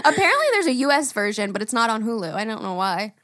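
A young woman co-hosting a casual podcast, animated, laughing often and swearing freely. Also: on the high side, quick pace, slight background noise. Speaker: podcast co-host, daughter-in-law. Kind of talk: casual chat.

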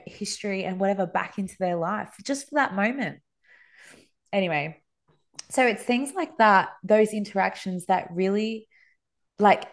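Chatty female educator, wanders through a personal story with many asides. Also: medium pitch. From Australia. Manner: rambling, many fillers and asides. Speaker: guest, Montessori educator. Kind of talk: casual storytelling in an interview.

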